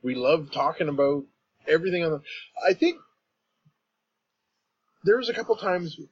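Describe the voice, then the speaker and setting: A man's voice: a little high, expressive, moderate pace, slightly rough. Canadian guy rambling on a podcast, keeps restarting his sentences, kinda muffled lo-fi sound. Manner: rambling, self-interrupting, laughs often. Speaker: podcast host and guest. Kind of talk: casual podcast chat.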